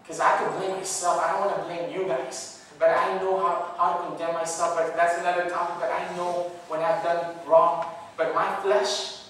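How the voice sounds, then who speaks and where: A man preaching a sermon, swinging from loud bursts to hushed tones when he quotes God softly. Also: high-pitched, flat delivery, normal speed, slight background noise. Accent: Californian. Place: church hall. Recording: echoey hall from far off.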